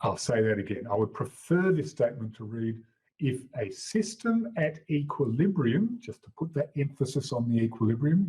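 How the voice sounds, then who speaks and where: This is a middle-aged Australian man teaching a chemistry class to exam students. His voice is slightly husky, and his pitch jumps about a lot as he plays up each point with a teasing, jokey edge. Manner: lively, jokey teacher who swoops up for emphasis. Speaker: chemistry lecturer. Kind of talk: exam-prep lecture. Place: lecture room. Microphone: wearable mic.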